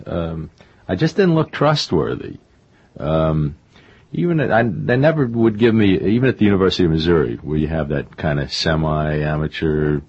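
A man's voice: rumbling low, a little mellow, husky. An older man, a novelist guest in an interview, talking in a rambling, self-deprecating way with many fillers and restarts. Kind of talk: conversational interview. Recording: dull lo-fi radio recording.

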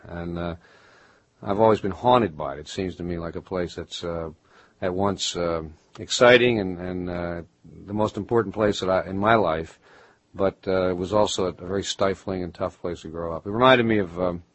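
A middle-aged man from Baltimore, a writer being interviewed, musing in a halting way with many restarts. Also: deep voice, no room sound, low-quality recording. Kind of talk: reflective conversational interview.

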